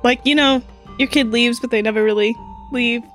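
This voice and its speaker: A woman's voice: a little high, steady tone, moderate pace, soft background music. A woman playing in a tabletop role-playing game, chatty as she explains what her character does. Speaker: player.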